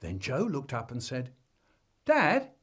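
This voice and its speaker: A man telling a comic family story, swinging between deadpan asides and loud bursts. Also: medium pitch, measured pace, slightly rough.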